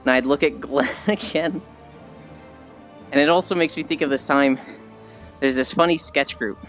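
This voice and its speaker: Rambling casually on his stream, an American man reads the chat aloud and laughs at the stories he tells. His voice is fairly high and fairly bright, at a moderate pace. The recording sounds dull and lo-fi, with faint background music.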